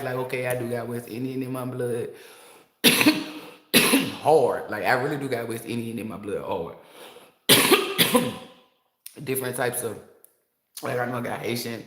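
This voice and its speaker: A tarot reader on a casual livestream, a man telling stories to his viewers in an animated, profane way. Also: mid-range voice, echoey room. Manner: animated, profane storytelling, addresses viewers as y'all.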